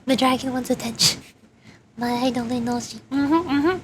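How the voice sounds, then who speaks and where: Bubbly high-pitched woman streamer. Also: normal speed, a little hiss or hum. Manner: bubbly, giggly, rambling. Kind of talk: casual gaming chat.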